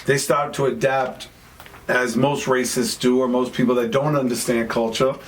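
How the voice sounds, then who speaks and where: A man's voice: medium pitch, little pitch movement, moderate pace. New man in his fifties, storytelling. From New York. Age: 50s. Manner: storytelling, reflective, frequent restarts. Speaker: guest rapper. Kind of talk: casual chat. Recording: distant mic with faint background noise.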